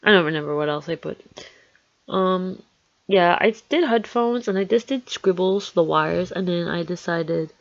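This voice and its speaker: A man's voice: high voice, normal speed, gravelly, dry recording, dull audio. A man narrating his drawing in a rambling, nervous way, full of ums and restarts, recorded on a headset mic. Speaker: artist narrating a speedpaint. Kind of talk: casual voice-over narration. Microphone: headphones with built-in mic.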